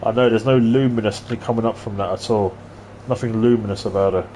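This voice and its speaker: A man's voice: fairly low pitch, fairly even intonation, fairly quick, mellow, slight background noise. A man from London chatting casually and ranting in asides while live-streaming a retro game at his desk mic.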